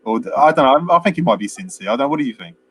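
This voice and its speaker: A man's voice: medium pitch, animated, rapid-fire, fairly bright tone, breathy edge. A man, chatting casually as a podcast co-host and retelling film scenes at length with many fillers. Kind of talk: casual film review chat.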